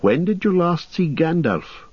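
An anxious young hobbit, as a man puts him on, raised in pitch, with eager, searching questions. The voice stays husky and the recording a little dull. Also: big pitch swings, unhurried, dry recording, heavily acted. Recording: slightly muffled recording.

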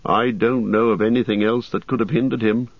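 A grave, watchful ranger played by a man speaks in a low, husky, measured voice, weighing each word. The recording sounds slightly muffled. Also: fairly even intonation, dry recording. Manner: slow, solemn and measured.

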